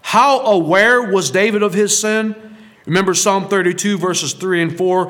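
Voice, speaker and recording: A man's voice: high-pitched, normal speed, fairly bright tone. A man preaching a sermon to his congregation, talking in a conversational way with rhetorical questions and a chuckle now and then. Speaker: pastor.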